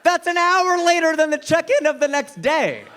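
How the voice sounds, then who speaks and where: Animated, high-voiced stand-up comedian. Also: male voice, moderate pace. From United States. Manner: animated, incredulous punchline delivery.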